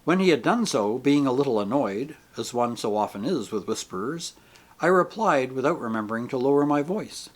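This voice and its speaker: A man narrating an audiobook in an expressive, animated way. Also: mid-range voice, moderate pace.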